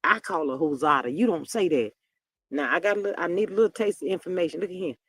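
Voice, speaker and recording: A woman's voice: fairly low pitch, fast, breathy edge. An older woman hosting a casual celebrity gossip stream, chatty and drawling as she talks to her viewers. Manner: chatty and drawling, acts out quoted people in voices.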